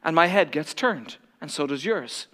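A man's voice: a little high, lively intonation, moderate pace, bright, forceful tone. A male pastor preaching an impassioned, dramatic sermon to a congregation in a large church hall. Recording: long hall reverb.

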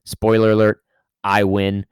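A man's voice: fairly low pitch, monotone, measured pace, smooth, no echo, studio quality. Rambling, teasing man on a podcast. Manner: rambling, restarts and playful teasing. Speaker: podcast co-host. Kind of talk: casual chat.

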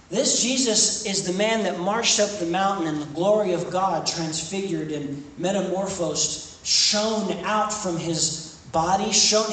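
A young man preaching to a campus ministry in a conversational style that swells into emphatic points. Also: high-pitched. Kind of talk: sermon. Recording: echoey room, distant mic, faint noise.

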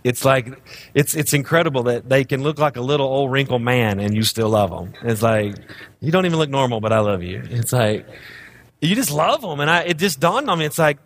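A man's voice: mid-range voice, moderate pace. A man, a guest pastor preaching a humorous sermon, telling jokes and stories about his own family. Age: 30s. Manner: joking, storytelling, self-deprecating.

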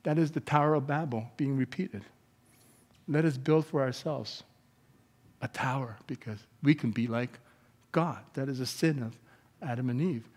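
Pastor guy preaching, calm one minute then loud and fired up, big echoey church sound. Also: mid-range voice, moderate pace, long pauses. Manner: swings from calm teaching to loud, animated outbursts. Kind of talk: sermon. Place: church sanctuary.

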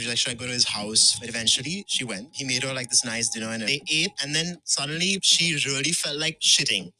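Guy telling a crazy story in a clip, crisp bright voice, does the quotes. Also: medium pitch, rough recording. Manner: animated retelling, acts out quoted lines. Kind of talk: casual storytelling.

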